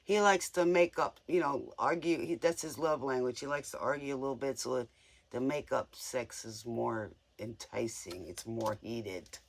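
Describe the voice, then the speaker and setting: A man's voice: mid-range voice, moderate pace, creaky. A man giving a casual live tarot reading in a playful, joking way, often giggling. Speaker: tarot reader.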